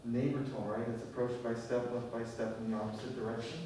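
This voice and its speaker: A man's voice: mid-range voice, little pitch movement, fairly quick. A man teaching a music theory class, lecturing and often checking in with his students with questions. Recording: echoey classroom from far off, faint noise.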